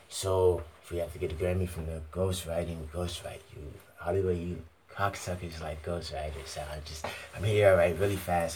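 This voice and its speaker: Deep-voiced man rambling on stage. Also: fairly even intonation, moderate pace, noisy background. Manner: profane, free-associating, bursts into shouting. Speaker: stage performer. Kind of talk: rambling freestyle monologue. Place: arena stage.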